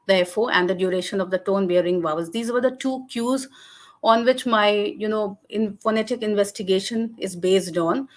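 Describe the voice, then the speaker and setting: A woman gives an online academic lecture over a video call. She speaks at an ordinary middle pitch and keeps stopping to fill gaps with fillers and restart her sentences. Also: a bit bright. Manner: halting, many fillers and restarts. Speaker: guest lecturer.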